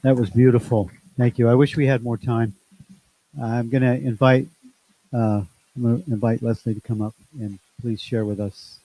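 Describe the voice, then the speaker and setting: Dark, husky host introducing speakers. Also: male voice, mid-range voice, fairly even intonation, normal speed, no room sound, poor audio. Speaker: meeting host.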